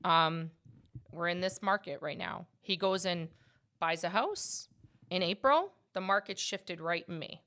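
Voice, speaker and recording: A woman's voice: lowish voice, lively intonation, measured pace, sharp tone. A woman hosting a casual podcast as a mortgage agent, talking with emphatic passion and speaking straight to her listeners.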